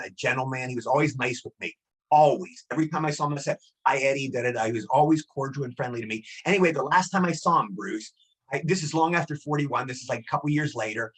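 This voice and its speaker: A man in his sixties, a guest actor telling rambling, animated anecdotes in a casual interview. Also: medium pitch, slightly rough, poor audio. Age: 60s.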